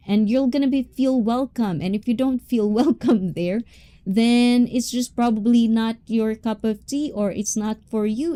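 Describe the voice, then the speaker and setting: A woman's voice: on the high side, dark tone. A young woman hosting a casual livestream, chatting, laughing often and reading viewers' comments aloud. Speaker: livestream host reading chat.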